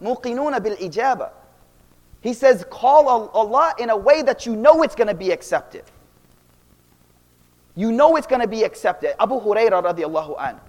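A young man giving a casual, animated Islamic talk full of slang, swinging between loud and quiet. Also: high-pitched, normal speed, long pauses. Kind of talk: casual storytelling lecture. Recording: long reverb of a hall.

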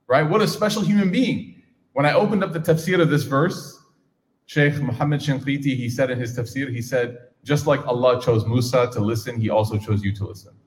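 A man teaching a class on scripture, casual and engaging, asking his audience questions. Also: mid-range voice. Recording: reverberant hall.

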